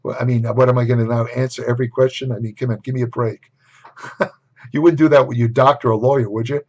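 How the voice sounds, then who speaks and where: A man's voice: mid-range voice, steady tone, fast talker, a little mellow. An older man giving a casual lecture to camera on nutrition, blunt and opinionated, with exasperated asides. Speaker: nutrition writer and host. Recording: dull lo-fi recording.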